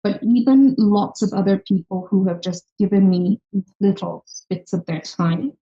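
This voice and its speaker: A woman from Ireland tells her story in an animated way, slipping into the voices of the people she quotes. Her tone is mellow and warm. The recording sounds slightly dull and lo-fi. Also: fairly low pitch, breathy edge. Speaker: startup founder and podcast guest. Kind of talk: conversational interview.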